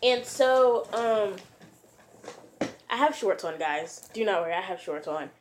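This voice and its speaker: A woman's voice: mid-range voice, animated, unhurried, a little hiss or hum. A woman vlogger telling a story to her viewers in a rambling, casual way, full of fillers and slang.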